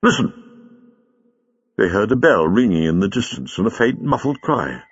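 A man narrating a story in an expressive, dramatic reading style, on a dull lo-fi recording. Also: lowish voice, a little fast, husky, no echo. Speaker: audiobook reader. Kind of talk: scripted narration.

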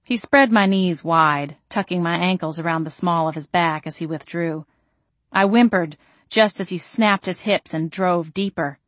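A woman reading a first-person novel aloud in a calm, measured audiobook narration. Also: on the low side, no room sound.

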